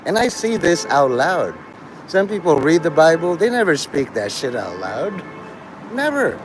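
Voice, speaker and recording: A man's voice: a little high, sing-song, a little slow, over music, poor audio. A man hosting a livestream, talking to his chat in a crude, rambling way and laughing at his own jokes. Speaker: livestream host.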